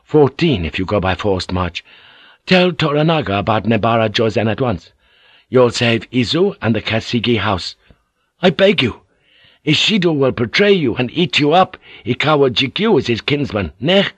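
A man's voice: medium pitch, big pitch swings, normal speed, slightly rough, no echo. A man reading an earnest, persuasive samurai vassal. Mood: pleading. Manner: earnest, persuasive, quietly authoritative. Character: loyal, shrewd samurai vassal, adult man. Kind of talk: audiobook character reading.

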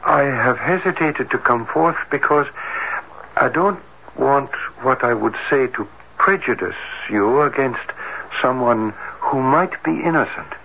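An actor playing a cautious, formal doctor who speaks earnestly and hesitantly in a 1970s radio drama. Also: male voice, mid-range voice, unhurried, gravelly. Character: cautious, formal male doctor, a man of science. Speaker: cardiologist. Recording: dull lo-fi vintage radio with faint hiss.

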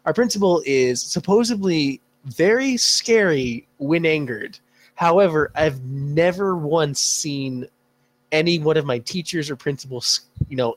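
Laid-back young male podcast host. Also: on the high side. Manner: laid-back, profane banter. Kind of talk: casual chat.

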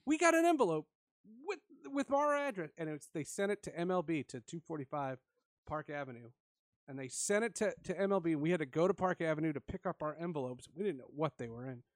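A man casually telling an animated story with frequent laughs. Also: a little high, quick pace, dry recording, studio quality.

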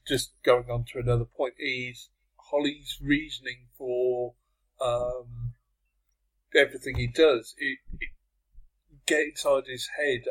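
A man's voice: mid-range voice, fairly bright tone, low-quality recording. A man chatting casually as a podcast panelist, rambling and losing his train of thought. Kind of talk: casual chat.

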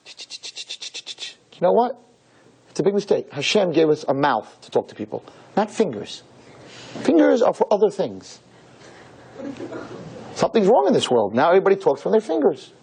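Emphatic rabbi preaching to young women. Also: male voice, wildly swooping pitch, fairly quick, pauses often, a little mellow, slightly rough, rough recording. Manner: emphatic and preachy, fond of rhetorical questions and repetition; pitch swings widely, jumping high on key points. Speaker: rabbi lecturing a room of girls. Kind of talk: sermon-style lecture to a live audience.

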